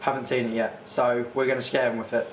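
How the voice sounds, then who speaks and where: A man's voice: medium pitch, little pitch movement, fast talker. A young man hosting a casual family vlog, rambling with restarts and fillers. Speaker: vlogger. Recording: echoey room with faint noise.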